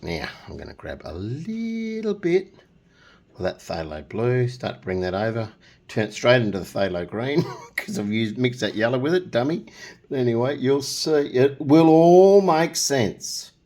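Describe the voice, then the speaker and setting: A man's voice: medium pitch, big pitch swings, moderate pace. A middle-aged man hosting a casual painting tutorial, chatting and joking as he works and humming nonsense tunes. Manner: chatty, jokey, hums nonsense tunes while working.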